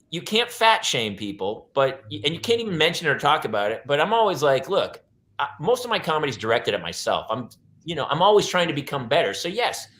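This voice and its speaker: A male podcast host in loose casual chat. He talks emphatically and repeats himself to drive points home. His voice is bright and forceful. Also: fairly high pitch.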